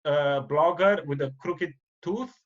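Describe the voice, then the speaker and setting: A man from Romania co-hosting a podcast, chatting about a movie in an animated, rambling, jokey way. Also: on the high side, slow. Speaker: podcast co-host. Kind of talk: casual movie chat. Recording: muffled lo-fi audio.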